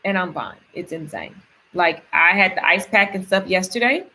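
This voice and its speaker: A woman's voice: lowish voice, moderate pace, bright, forceful tone. An upbeat, chatty woman speaking straight to her viewers in a casual vlog. She runs through affirmations and everyday stories, and often says a word several times over for emphasis. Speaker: vlogger.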